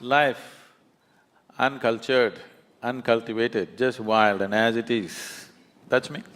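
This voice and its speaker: A man's voice: medium pitch, fairly even intonation, slow pace, a bit bright. A man, a spiritual teacher speaking emphatically onstage, often laughing as he tells stories. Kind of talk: onstage conversation. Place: large auditorium.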